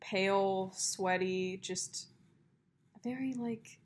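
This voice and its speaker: A young woman co-hosting a casual podcast, spinning long stories full of "like" and "um". Her voice sits at a middle pitch and she talks in a loose, conversational way. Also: slow, a little hiss or hum. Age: young adult. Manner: chatty storyteller, many fillers and likes. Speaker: podcast co-host. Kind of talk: casual chat.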